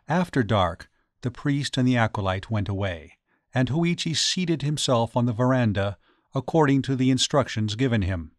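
A man narrating a ghost story audiobook in a measured, dramatic way. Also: mid-range voice, dry recording, clean studio sound. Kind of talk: scripted narration.

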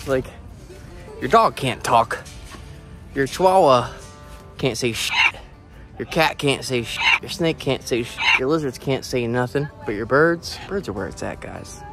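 A man's voice: medium pitch, lively intonation, measured pace, music in the background. A man chatting casually in an outdoor vlog while working around his animals, laid-back and swearing now and then. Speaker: vlogger and animal keeper.

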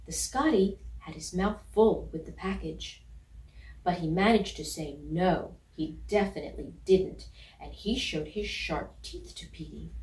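A woman reading a children's picture book aloud in a gentle, measured storytelling voice. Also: lowish voice, lively intonation. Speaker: storybook reader. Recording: roomy, from a distance.

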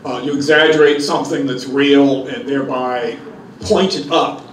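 A man's voice: mid-range voice, normal speed. A man speaking as a cartoonist on a live convention panel, wry and conversational, often rephrasing himself. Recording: echoey hall, mic far off, faint noise.

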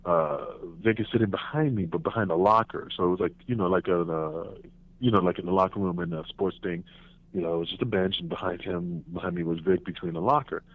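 A man, a former pro wrestler, telling backstage stories in a casual interview, animated and profane, acting out what others said. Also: sits low, quick pace, no echo. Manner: animated, profane, acts out quotes in raised voices. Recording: tinny phone line, dry.

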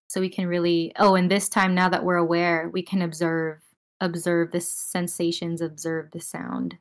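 A woman guiding listeners through a breathing and voice exercise on a video call, talking casually and calmly with many filler words. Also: fairly low pitch. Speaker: breathwork and voice teacher. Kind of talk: guided breathing lesson on a group call. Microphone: video call with noise cancelling.

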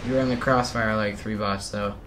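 A man's voice: fairly low pitch, steady tone, a little fast, noisy background. A man giving playful, chatty gameplay commentary, talking to himself and to his opponents as he plays. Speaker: mobile game channel host.

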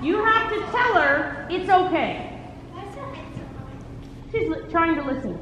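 A woman's voice: very high-pitched, sing-song, takes it slowly, a bit bright, echoey room, a little hiss or hum, rough recording. A woman coaching a horse rider with firm, instructive remarks. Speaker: riding coach.

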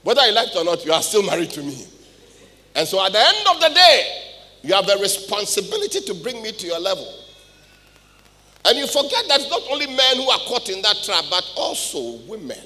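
A middle-aged Ghanaian man preaching a sermon in church, swinging between loud outbursts and hushed asides. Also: high voice, very animated, fairly quick, slight background noise. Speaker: pastor. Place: church hall with congregation. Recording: live church recording with long reverb.

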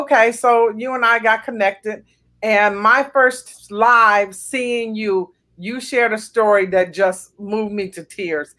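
A woman's voice: mid-range voice, a bit bright. A woman hosting a podcast interview over a video call, reassuring her guest in a casual way with many "um"s. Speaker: podcast host.

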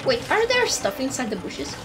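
Excitable high-voiced woman streaming a game. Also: moderate pace. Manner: excitable, swears and laughs often. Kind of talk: casual gaming stream commentary. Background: game music.

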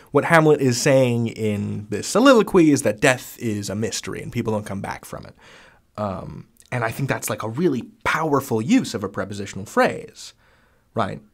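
A man teaching grammar in a relaxed, conversational lesson, enthusiastic and full of fillers and restarts, recorded as a close voice-over. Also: fairly low pitch, normal speed, creaky.

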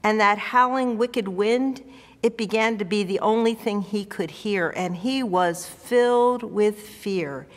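A woman's voice: mid-range voice, slow, in a large hall. A woman pastor giving a sermon in an earnest, conversational way. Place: church.

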